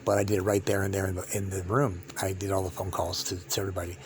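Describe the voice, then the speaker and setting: A man telling a long, rambling story to camera, halting and restarting his sentences again and again. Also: sits low, monotone.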